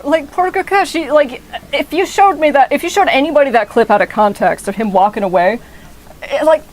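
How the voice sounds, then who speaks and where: A young woman streaming a game, talking in a rambling, excitable way and swearing often. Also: fairly high pitch, a little hiss or hum, low-quality recording. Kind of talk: casual gameplay commentary.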